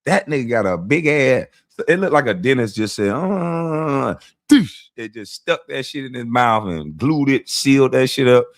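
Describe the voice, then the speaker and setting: A man's voice: mid-range voice, lively intonation, moderate pace, no echo, clean studio sound. A man ranting casually on his vlog, mocking and profane, often laughing. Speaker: vlogger and commentator.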